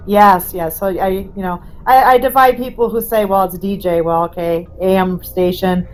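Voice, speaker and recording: A woman's voice: medium pitch, normal speed, low-quality recording. A woman chatting casually as a guest, rambling through her stories and laughing often. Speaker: guest, house owner. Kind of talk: casual chat.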